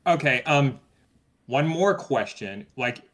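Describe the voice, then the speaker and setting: A man's voice: medium pitch, animated, slow, fairly bright tone. A man playing a tabletop game, asking careful questions with fillers. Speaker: player. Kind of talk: casual tabletop play.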